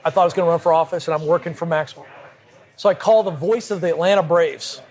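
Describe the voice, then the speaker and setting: A man, a podcast guest, telling a vivid personal anecdote in brisk conversational style at a cigar lounge. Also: a little high, darkish tone. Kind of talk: animated storytelling in conversation. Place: cigar lounge with a group present.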